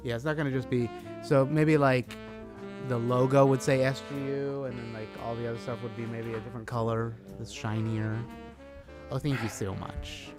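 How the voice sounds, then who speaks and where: A man chats loosely with viewers during a livestream, joking around in a relaxed, offhand way. His voice has an ordinary middle pitch for a man. Faint music is heard behind him. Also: normal speed. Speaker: podcast co-host. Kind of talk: casual livestream chat.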